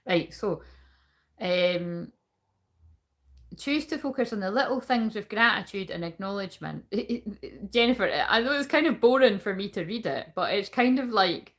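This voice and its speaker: A woman streams a tarot reading live, chatting with viewers and the chat as she reads cards and swearing without restraint. She speaks at normal speed in a mid-range voice with lively intonation.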